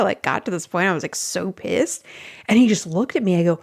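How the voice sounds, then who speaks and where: Casting note: middle-aged woman, chatty host, animated, acts out quotes, mid pitch. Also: fairly quick. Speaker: relationship podcast host. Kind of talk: casual advice monologue.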